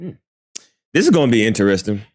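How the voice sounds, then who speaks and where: A man hosting a reaction video, calmly musing with hesitant restarts. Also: fairly low pitch, quick pace. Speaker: host reacting to a clip. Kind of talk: reaction commentary.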